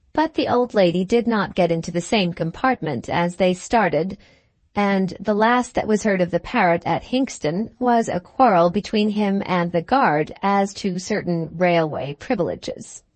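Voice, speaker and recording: A woman's voice: on the low side, darkish tone, no room sound. Woman narrating an audiobook, dry close sound.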